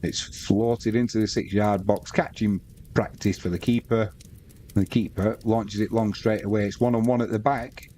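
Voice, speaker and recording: A British man calls a football match live in a relaxed, chatty way, breaking off to talk with his viewers between passages of play. His voice sits low and mellow. A faint hum of background noise runs under it. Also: normal speed. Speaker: sports commentator.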